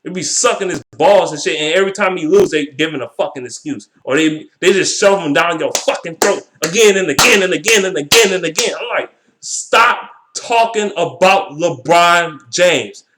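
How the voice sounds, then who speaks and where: A man's voice: on the high side, a little fast, few pauses, background noise. A young man ranting heatedly about basketball as a sports vlogger, swearing and repeating himself. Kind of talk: profane sports rant.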